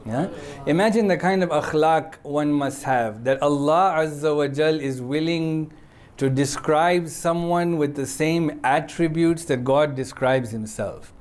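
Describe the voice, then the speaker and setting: A man preaching in a relaxed, conversational way, telling a story and often pausing to check in with his listeners. His voice sits a little high for a man, and he runs through short Arabic quotations quickly before explaining them. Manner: conversational, frequent checking "yeah?" with audience; quotes Arabic passages swiftly. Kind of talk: sermon storytelling.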